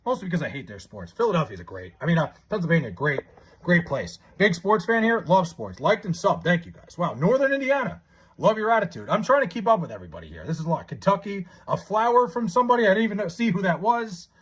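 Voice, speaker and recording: A young man streaming live talks at a quick pace in a high, breathy voice. He's casual and excitable as he goes through viewer comments, stammering and frequently starting over.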